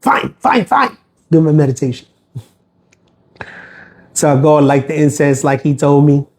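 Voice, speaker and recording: A middle-aged man talks through a casual livestream, aggrieved and rambling, stumbling over fillers and restarts. His voice sits a little high for a man, with a mellow, dark tone. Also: flat delivery, moderate pace. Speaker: postal worker livestreaming.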